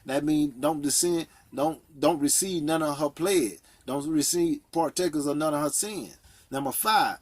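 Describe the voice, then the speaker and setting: Leading a Bible study, a man reads verses aloud slowly and explains them, often checking in with "okay?" and "all right?" His voice is on the high side, and the recording is dry.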